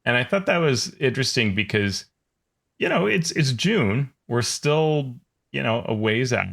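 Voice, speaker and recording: A man's voice: medium pitch, expressive, a little slow, gravelly, fairly bright tone. A man co-hosting a tabletop gaming podcast, talking casually and wryly with frequent fillers. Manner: wry, thinking aloud with fillers. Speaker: podcast co-host.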